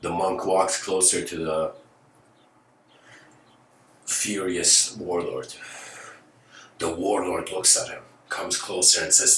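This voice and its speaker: A man's voice: low-pitched, steady tone, takes it slowly, pauses often, fairly bright tone. A man giving a philosophical lecture, telling a story in a casual, rambling way with many fillers like "you know.". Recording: roomy, distant mic, faint noise.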